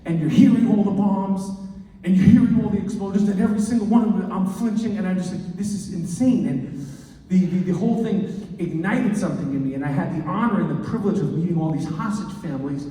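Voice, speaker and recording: Middle-aged New comic telling stories live, loud and animated; distant, reverberant hall. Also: male voice, sits high, fast talker. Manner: animated, loud, repeats words as he talks. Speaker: comedian and storyteller. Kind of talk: live stand-up storytelling. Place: large hall, indoors. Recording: echoey hall from far off.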